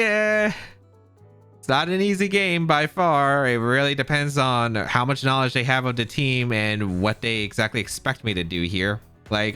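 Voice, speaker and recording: Guy talking through his match live, bright voice, lots of ups and downs in pitch, thinking out loud. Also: smooth. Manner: thinks aloud, second-guessing plays. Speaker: competitive game player. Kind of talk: live gameplay commentary.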